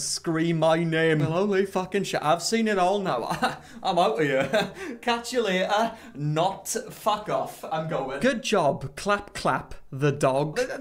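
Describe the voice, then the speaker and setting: A man delivering a sarcastic commentary video, dry and profane. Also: a little high. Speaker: YouTube commentator.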